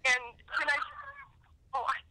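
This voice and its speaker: A woman's voice: measured pace, bright, forceful tone, no room sound, rough recording. A middle-aged woman calling in as the host's mother, tearful, emotional and sincere. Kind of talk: phone call.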